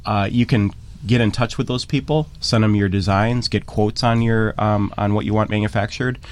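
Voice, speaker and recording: A man answering questions as a guest on a radio talk show, halting, with many fillers and restarts. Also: lowish voice, fairly even intonation. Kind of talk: radio interview.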